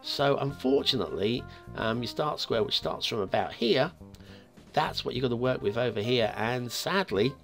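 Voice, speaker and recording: A man's voice: mid-range voice, lively intonation, moderate pace, vocal fry, fairly bright tone. A man from the UK hosting a map review show, chatting playfully with asides as he looks around. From United Kingdom. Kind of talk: casual game commentary. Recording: faint music behind.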